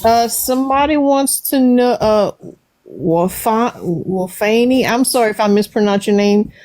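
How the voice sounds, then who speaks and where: A chatty woman with a Cajun accent runs a casual livestream. She keeps putting questions to her viewers in a fairly high voice. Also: unhurried, a little mellow. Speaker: livestream host.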